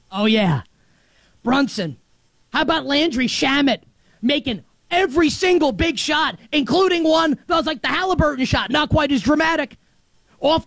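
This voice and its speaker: Excitable high-voiced male sports host. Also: no room sound. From New York. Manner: animated, emphatic, shifts between shouting highs and muttered lows. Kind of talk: excited sports commentary monologue.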